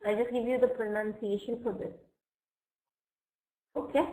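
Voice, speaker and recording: In a live online class, a woman teaches English vocabulary, explaining each word slowly and patiently and often checking in with "okay?". Her slightly high voice is warm but flat in delivery, and the recording quality is low.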